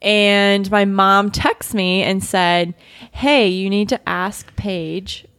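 A young woman, a guest on a podcast, telling a story in a relaxed, casual way. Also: mid-range voice, takes it slowly, clean tone. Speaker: podcast guest, co-host's wife. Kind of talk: casual chat.

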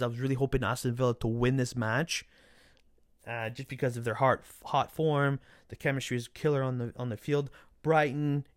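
A man hosting a football vlog, recapping matches in a casual, animated way, swearing freely as he rants. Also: mid-range voice, no echo, studio quality.

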